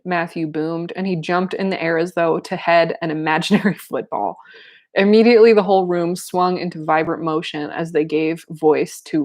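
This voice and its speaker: A woman's voice: on the low side, fairly even intonation, normal speed, a little mellow. A young woman reading a book aloud and breaking off into casual, laughing commentary and exclamations. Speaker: reader and commentator.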